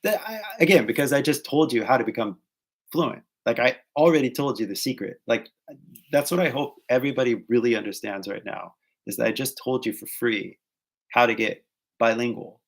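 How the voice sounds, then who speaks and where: A man's voice: mid-range voice, a little fast. A man with an American accent, talking casually as an English teacher and actor, full of "like"s and switching between English and Japanese. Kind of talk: casual talking-head advice vlog.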